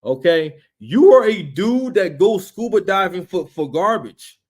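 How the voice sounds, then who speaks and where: A man giving casual, animated commentary on a reality show, full of slang, repeated words and acted-out quotes. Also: sits high, measured pace.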